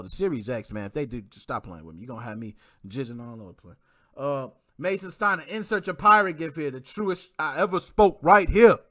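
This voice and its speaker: Male livestream host, lively swooping slang talk, reading chat aloud. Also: on the high side. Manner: animated slangy shout-outs, reads chat comments. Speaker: podcast host. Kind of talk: casual livestream podcast chat.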